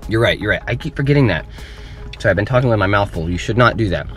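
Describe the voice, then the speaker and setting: A man's voice: fairly low pitch, expressive, fast. A man in his thirties, a father hosting a family adventure vlog, talking playfully and explaining things to his kids. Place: outdoors then inside a shop. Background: music.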